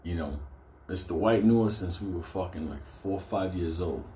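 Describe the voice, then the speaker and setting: A man's voice: low-pitched, moderate pace, darkish tone, a little hiss or hum. A man telling a story casually, rambling, laughing and swearing a lot. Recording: roomy echo.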